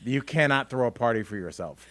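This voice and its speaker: A man's voice: mid-range voice, expressive, fairly quick, a bit bright, no room sound. A middle-aged man co-hosting a comedic news podcast, talking in a wry, rambling way with many fillers. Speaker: co-host. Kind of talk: casual comedic news chat.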